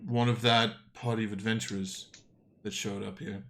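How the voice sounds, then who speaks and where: A man answering in character during a tabletop role-play game, halting and hesitant with many fillers. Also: fairly low pitch, flat delivery, creaky, a bit bright. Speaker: player.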